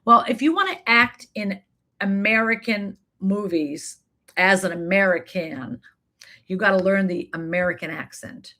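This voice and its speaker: A woman's voice: mid-range voice, bright, forceful tone. Emphatic woman coaching actors. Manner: emphatic, encouraging, stacks quick lists. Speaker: acting coach and talent manager. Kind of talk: live online class answering chat questions.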